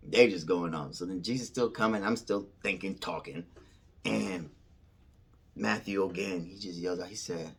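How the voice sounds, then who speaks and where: A man telling a personal story in casual slang, swinging from loud excitement to hushed whispers. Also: on the low side, fast talker, gravelly, husky. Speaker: storyteller recounting a vision.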